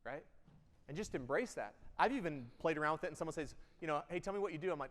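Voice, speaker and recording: Man, keynote speaker, fast talker, fairly high voice, emphatic, echo of a large hall. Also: expressive. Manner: emphatic, swings between loud bursts and quiet intensity. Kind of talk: energetic keynote speech with audience interaction. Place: event hall. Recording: long hall reverb.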